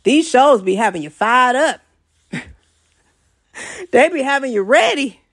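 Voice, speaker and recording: A woman's voice: high-pitched, lively intonation, measured pace, no echo, clean studio sound. A woman hosting a venting show, giving a blunt, preachy, casual encouraging monologue that swears freely.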